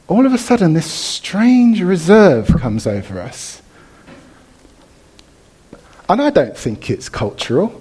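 A man preaching a sermon in church, animated, leading the congregation in reading and response. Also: high-pitched, unhurried, long pauses, slightly rough.

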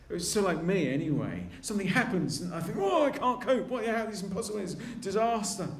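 A man's voice: high-pitched, a little mellow, echoey room. A man preaching a conversational sermon in a church, acting out quoted voices as he goes.

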